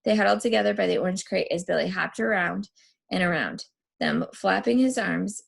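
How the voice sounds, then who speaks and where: Gravelly-voiced woman teacher reading aloud. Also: mid-range voice, normal speed. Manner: relaxed, thinking aloud with fillers. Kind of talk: reading a novel aloud and quizzing students.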